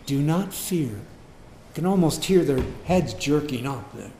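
Expressive preacher man in an echoey room. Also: a little high, unhurried, a little hiss or hum. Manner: dramatic, acts out biblical voices with humor. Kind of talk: sermon.

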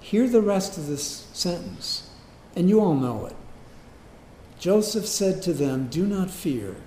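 A man's voice: high voice, sing-song, takes it slowly, dark tone, roomy sound, slight background noise. A man preaching a sermon, reading scripture and acting out the characters with humor and drama. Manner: dramatic, acts out biblical voices with humor.

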